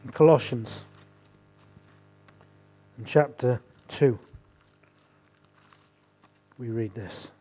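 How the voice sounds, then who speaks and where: A middle-aged man preaching a sermon, rising to emphatic bursts and dropping to quiet asides. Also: mid-range voice, extremely slow, long pauses, breathy edge.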